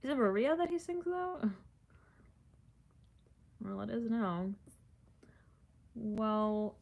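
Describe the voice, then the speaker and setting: A woman's voice: fairly high pitch, expressive, takes it slowly, vocal fry, darkish tone. A young woman hosting a casual livestream, rambling, laughing often and singing bits of songs. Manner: giggly, rambling, sings snatches of songs. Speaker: livestream host.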